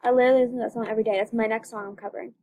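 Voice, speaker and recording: Young female channel host with a high voice; casual, dramatic gameplay commentary with lots of repetition. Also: fairly even intonation, rapid-fire, a little mellow, a little hiss or hum. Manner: chatty, dramatic, repeats phrases.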